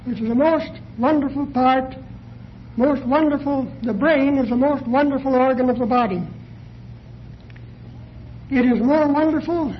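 High-voiced man preaching slowly. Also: highs cut off, a little hiss or hum. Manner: measured, deliberate, posing questions to listeners. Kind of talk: sermon.

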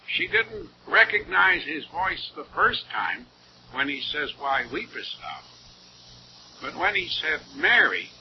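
Slow, animated preacher man, lo-fi recording. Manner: slow, emphatic delivery with wide swings in pitch and loudness. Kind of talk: sermon with scripture reading. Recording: dull lo-fi recording with faint hiss.

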